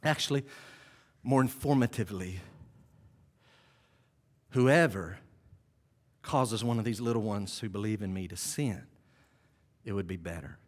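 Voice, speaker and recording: A pastor preaching a sermon. He moves between quiet, low teaching and loud, vivid storytelling. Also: a little slow, long pauses, in a large hall.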